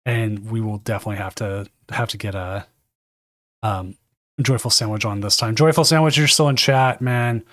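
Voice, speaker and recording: A man's voice: on the low side, normal speed, fairly bright tone, no echo. Chatty male tournament caster, dry sound. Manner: chatty and rambling, self-correcting. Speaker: tournament caster and stream host. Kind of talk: casual live game commentary. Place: home casting desk.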